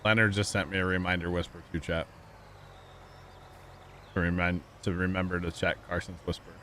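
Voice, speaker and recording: Male streamer, deep low register, rambling casual banter with chat. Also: flat delivery, normal speed, pushed and bright, a little hiss or hum. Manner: rambling, chatty, talks to chat, laughs often. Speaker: livestream host. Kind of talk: casual chat while gaming.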